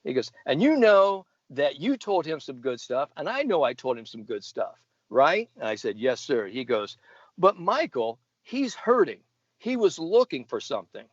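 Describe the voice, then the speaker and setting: A man's voice: mid-range voice, sing-song, normal speed, few pauses, no echo. A man in his seventies, a golf sports psychologist, telling a story on a podcast and acting out the people he quotes. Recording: dry, slightly dull podcast audio.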